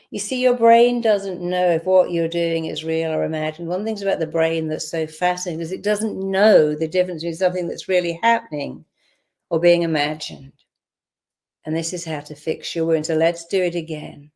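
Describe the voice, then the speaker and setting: A woman leading a guided visualization in a calm, directive way, repeating phrases for listeners to say back. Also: on the low side, a little fast. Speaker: speaker leading a guided healing exercise.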